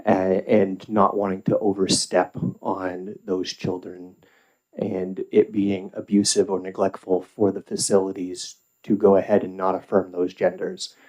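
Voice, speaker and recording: Deep, flat-voiced middle-aged man testifying. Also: poor audio. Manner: measured, with filler pauses. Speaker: parent testifying at a hearing. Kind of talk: formal public testimony. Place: legislative hearing room.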